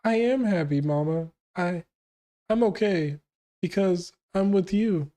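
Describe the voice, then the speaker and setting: A man voicing a young girl who is gentle and devoted to her mother, speaking softly and pleadingly. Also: high voice, takes it slowly, voice pushed up.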